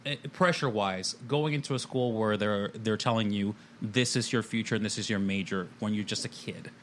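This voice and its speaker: A man's voice: lowish voice, normal speed, slight background noise. A man co-hosting a podcast, asking a question that trails off. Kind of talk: casual interview chat.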